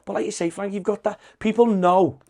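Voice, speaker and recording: A man's voice: high-pitched, fairly even intonation, normal speed, mellow. A male podcast host, chatting casually, rambling and swearing as he laughs along. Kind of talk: casual chat.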